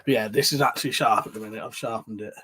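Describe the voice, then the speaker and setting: A man hosting a casual live stream, chatting and greeting viewers by name, with loud greetings and quieter mumbled asides. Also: fairly low pitch, steady tone, racing, husky.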